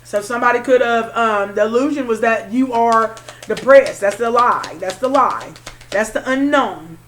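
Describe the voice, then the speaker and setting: Tarot reader woman, higher voice. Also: moderate pace, slight background noise. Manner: calls viewer honey, repeats phrases. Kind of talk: tarot reading to viewers.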